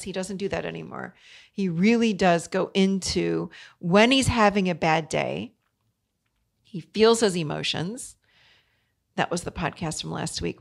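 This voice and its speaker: A woman's voice: lowish voice, vocal fry. A middle-aged woman hosting a podcast, talking earnestly and coaching her listeners directly. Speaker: podcast host. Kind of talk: solo podcast talk.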